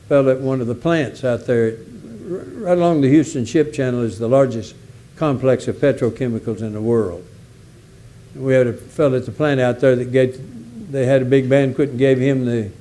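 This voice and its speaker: A man's voice: mid-range voice, normal speed, mellow. A man preaching a sermon in a folksy, emphatic way, repeating key words for weight. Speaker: visiting preacher.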